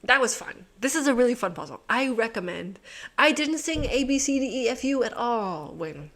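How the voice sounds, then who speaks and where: A woman's voice: a little high, big pitch swings, normal speed, a bit bright. A woman hosting a puzzle channel, thinking aloud as she solves, muttering to herself, swearing and laughing often.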